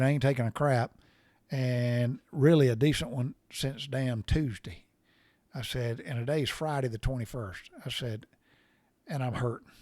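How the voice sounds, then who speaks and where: A middle-aged man who tells stories on a podcast rambles casually through a profane yarn while sore from recent surgery, folksy and prone to restarts. His medium-pitched voice is a little mellow, captured in studio quality with no room sound.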